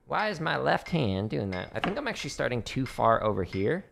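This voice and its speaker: Chatty man counting beats over loud drum clicks. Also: medium pitch, big pitch swings, normal speed, vocal fry, few pauses, heavy background noise. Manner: counts beats aloud, chatty self-talk and playful asides. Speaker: drum teacher streaming his practice. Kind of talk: casual practice livestream. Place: home practice room. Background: drumming clicks and taps.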